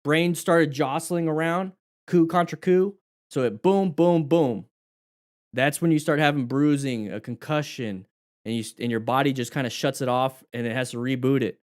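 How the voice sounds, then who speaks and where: Man, motorcycle safety instructor, animated, talks through crash footage, middle pitch. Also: normal speed. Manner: animated, acts out rider dialogue and questions. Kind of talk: live commentary over a crash video.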